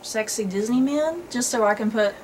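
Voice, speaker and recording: A woman host leads a relaxed conversation with a fairly high voice, laughing often and letting her pitch jump around. A faint hiss sits under the recording. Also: normal speed, rough recording. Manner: chatty, laughs often, lively swings in pitch. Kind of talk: casual chat.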